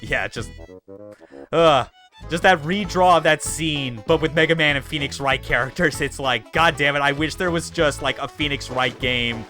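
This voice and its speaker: A man's voice: a little high, normal speed, sharp tone, faint music behind. A man streaming a video game, rambling casually with profane asides as he plays. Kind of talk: casual let's-play commentary.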